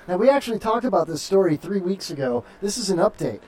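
A man's voice: high-pitched, very animated, quick pace, few pauses, darkish tone. A male podcast host reading news stories in casual chat, joking, laughing and swearing freely.

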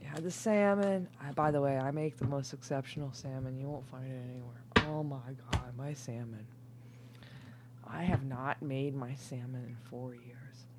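A woman's voice: rumbling low, steady tone, moderate pace, a little hiss or hum. Tipsy woman doing a casual tarot reading. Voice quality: loud and laughing, drops to whispers. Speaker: tarot reader.

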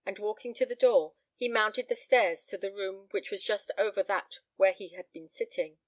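A woman narrating a story in a measured, gently expressive reading. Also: on the low side, no room sound. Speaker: audiobook reader. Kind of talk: scripted narration.

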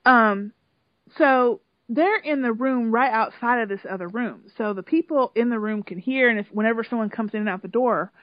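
A woman hosting a podcast who chats in a gossipy, animated way and slips into the voices of the people she talks about. Her voice sits a little high. The sound is dry and lo-fi. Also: brisk, few pauses, no room sound. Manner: gossipy, animated, acts out quotes, laughs loudly. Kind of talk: casual chat recapping a reality show.

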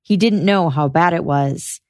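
A woman hosting a podcast, giving a measured, scripted narration of a trial's testimony. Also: fairly low pitch, a little mellow, dry recording, clean studio sound. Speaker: podcast host. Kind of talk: scripted true-crime narration.

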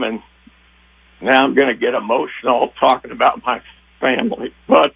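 An older man, a retiring TV sports director, reminiscing with emotion in a rambling, halting way. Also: medium pitch, gravelly, breathy edge. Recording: tinny phone line.

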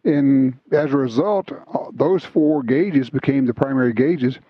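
A man hosting a casual talk show, telling stories in an animated, chatty way. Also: medium pitch, a little slow, slightly rough, no room sound. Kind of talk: casual chat, storytelling. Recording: slightly dull lo-fi sound, dry.

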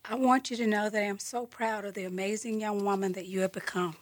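A woman's voice: mid-range voice, fairly even intonation, fast talker, no room sound, natural voice. An actress voicing a proud, tender mother who is crying as she sees her daughter off. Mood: tearful.

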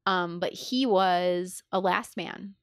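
A woman's voice: fairly low pitch, slow pace, dry recording, clean studio sound. Chatty woman gushing about a show. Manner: enthusiastic, filler-heavy, acts out quoted dialogue. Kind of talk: casual chat.

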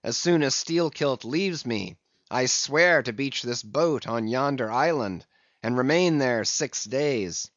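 Bold mutineer sailor, read by a man, loud and commanding, dull dry sound. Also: mid-range voice, expressive, slow pace, no room sound. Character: defiant rough male sailor mutineer leader.

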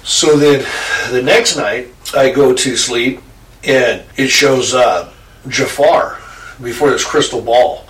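A man's voice: mid-range voice, takes it slowly, a bit bright. A man telling a rambling story to a friend, laughing and swearing casually. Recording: echoey room, distant mic, faint noise.

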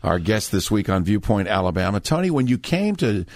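A man hosting a radio interview show, speaking in a calm, affirming way. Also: on the low side, a little fast, no room sound, clean studio sound. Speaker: radio talk show host.

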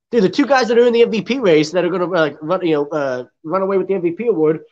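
A man with a slightly higher voice talks sports in a loose, rambling way, padding his points with fillers and blunt asides. The sound is dull and lo-fi. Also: fast, a little mellow. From Florida. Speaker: sports podcast co-host. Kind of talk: casual sports chat.

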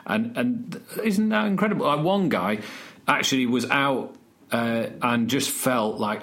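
A man's voice: medium pitch, measured pace. A man, a student church leader chatting on a podcast, telling stories with energy and frequent restarts. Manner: storytelling, animated, many restarts. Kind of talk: casual podcast conversation.

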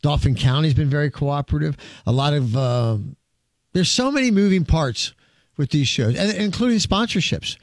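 A man from talking about booking concerts in a casual radio chat, telling stories excitedly, repeating words and acting out what people said. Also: on the high side, moderate pace, no room sound, clean studio sound. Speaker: guest, concert promoter.

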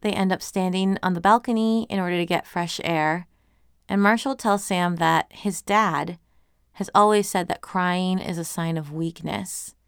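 A woman chatting casually through a recap of a webcomic episode, enthusiastic and quick to laugh. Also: lowish voice, steady tone, gravelly, clear, resonant tone, no room sound, studio quality.

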